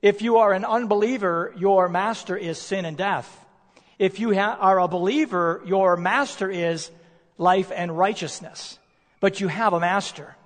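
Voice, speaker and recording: A male preacher delivering a sermon, emphatic, posing rhetorical questions and slowing down to stress key words. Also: high voice. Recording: long reverb of a large hall.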